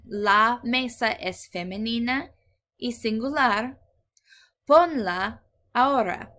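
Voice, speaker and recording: A woman's voice: on the high side, pushed and bright. Patient woman teaching Spanish. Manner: patient, explains step by step, switches between English and Spanish. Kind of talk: recorded grammar lesson.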